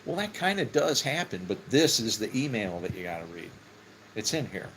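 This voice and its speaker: A man teaching scripture in a casual, conversational way, full of fillers and "okay?" check-ins, with sudden excited rises for emphasis. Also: fairly low pitch, normal speed, a little hiss or hum, rough recording. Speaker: Bible teacher.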